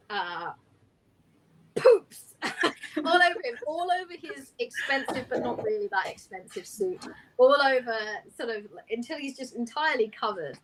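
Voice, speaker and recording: A woman game master narrating a tabletop one-shot. Her voice sits fairly high, and she tells the story with lots of ums and easy laughter. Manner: lively, full of fillers and laughter.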